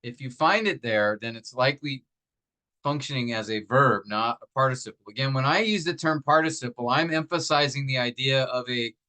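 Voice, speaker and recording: A man's voice: medium pitch, bright, forceful tone, poor audio. A man teaching a grammar lesson, explaining patiently step by step and asking his class rhetorical questions. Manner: many fillers and restarts, slows down to stress example phrases.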